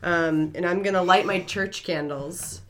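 A woman's voice: lowish voice, a little slow. A woman playing a tabletop role-playing game, describing her character's plans in a brash, playful way. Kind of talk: casual in-character play.

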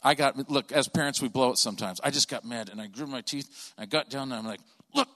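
A man doing stand-up storytelling as a comedian, animated and acting out the people in his stories. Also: mid-range voice, fast. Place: church auditorium. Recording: long reverb of a large hall.

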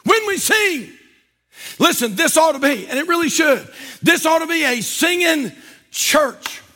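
Fervent high-voiced preaching man. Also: animated, moderate pace. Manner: fervent, swings between shouting and low asides. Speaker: pastor. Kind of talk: sermon. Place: church sanctuary.

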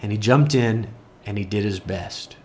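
A man's voice: lowish voice, normal speed, a little mellow. A man preaching a sermon, telling a story earnestly and repeating key phrases for emphasis. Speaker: pastor.

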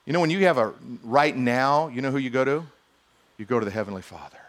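A man's voice: medium pitch, fast talker. A male pastor preaching a sermon in a conversational style, with humorous asides and acted-out quotes.

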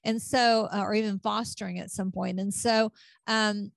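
A woman's voice: mid-range voice, fairly even intonation, normal speed, vocal fry, no echo. Female interview host, conversational and rambling, mid voice, close and dry. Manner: chatty, many fillers and restarts.

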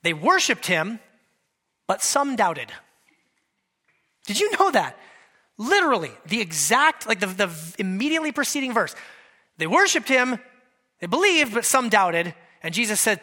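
A male pastor preaching a lively, conversational sermon, acting out quotes from scripture figures. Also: high voice, a little slow, pauses often.

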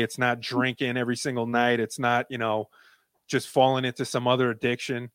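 A man as a conversation guest, telling a personal story in an earnest, heartfelt way that softens when he turns reflective. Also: mid-range voice, completely flat delivery, fairly quick, clear, resonant tone, dry recording, studio quality.

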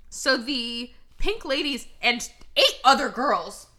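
A woman co-hosting a podcast in loose, casual chat. Her voice is bright and fairly high, and it swings widely in pitch as she gets animated. She laughs often, swears freely and acts out other people's lines. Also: takes it slowly. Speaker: podcast co-host.

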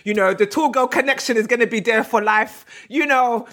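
A woman's voice: on the high side, fairly quick, a crowd in the background. A woman hosting an interview, gushing and friendly, calling her guest "sis". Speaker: host. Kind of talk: casual interview chat.

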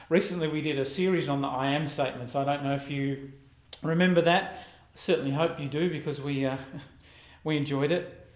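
A man's voice: fairly high pitch, steady tone, brisk, roomy sound. A man, preaching a reflective, conversational sermon as a pastor.

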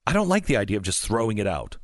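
A man's voice: lowish voice, wildly swooping pitch, very fast, dry recording, studio quality. A male talk show host delivering an opinionated political monologue, emphatic and sarcastic, full of rhetorical questions.

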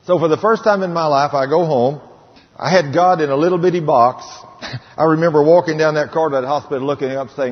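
Man, preacher, emphatic sermon testimony, slow on scripture, dull recording, long hall echo. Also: a little high. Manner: emphatic storytelling, slows right down on scripture.

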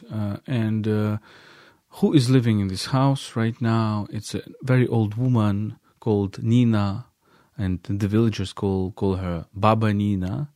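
A man with a fairly low voice tells of a visit in stops and starts, full of fillers and restarts. The sound is dry, with no room around it. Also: a little mellow, dry recording. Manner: hesitant, many fillers and restarts. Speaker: guest recounting a field visit. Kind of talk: halting spoken account.

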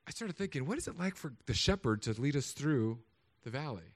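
A man in his thirties, a pastor, preaching a sermon with animated, humorous storytelling. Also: medium pitch, a little fast.

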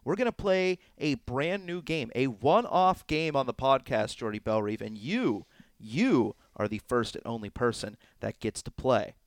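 Picture a man hosting a podcast game with a teasing, showy delivery. His voice sits at an ordinary middle pitch. The sound is close and dry. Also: lively intonation, dry recording. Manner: playful, teasing quizmaster, drawn-out announcements. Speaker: podcast host running a quiz game. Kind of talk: casual podcast chat. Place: indoors, on location in Texas.

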